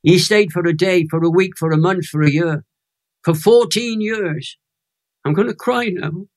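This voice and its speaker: An elderly Welshman in his eighties speaks in a fairly high, lilting voice. He tells his testimony as an animated, emotional storyteller, leaning into each turn of the story. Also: normal speed. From Wales. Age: 80s. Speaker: guest, Christian minister.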